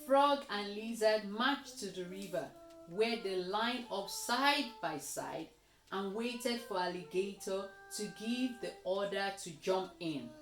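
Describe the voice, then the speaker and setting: A woman reading a children's story aloud, slowly and expressively, as host of a kids' reading session. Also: medium pitch, echoey room, soft background music. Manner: slow, expressive read-aloud with lively voices.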